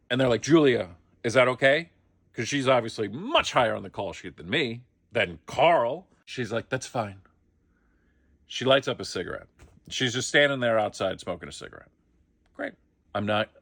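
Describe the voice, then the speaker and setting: Lively, animated man telling a story. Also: mid-range voice, no echo. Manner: lively, comic storytelling with acted-out quotes. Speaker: actor telling a behind-the-scenes story. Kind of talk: casual anecdote.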